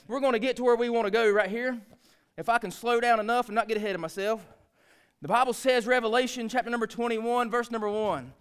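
A man's voice: extremely high pitch, fairly even intonation, quick pace, a bit bright, clean tone. A man, preaching a sermon as pastor, fervent and repetitive, building to emphatic peaks. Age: 30s.

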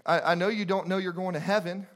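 A man's voice: high-pitched, fairly even intonation, fast, fairly bright tone. A man doing a stammering, remorseful woman. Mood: pleading. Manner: stammering, repeats words. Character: remorseful churchgoing woman, pleading and tearful.

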